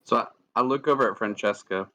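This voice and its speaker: A man's voice: on the low side, quick pace, pushed and bright, slight background noise. A man player chatting casually and jokingly during a tabletop game. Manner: joking, laid-back.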